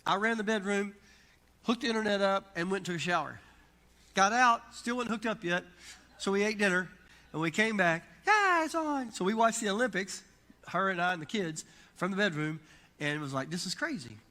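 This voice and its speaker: Middle-aged pastor preaching, bright ringing voice, lots of hall echo, gets loud and punchy. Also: male voice, high-pitched, fairly quick. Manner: emphatic, builds to loud preaching peaks. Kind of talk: sermon with storytelling. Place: church sanctuary. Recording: long church hall reverb.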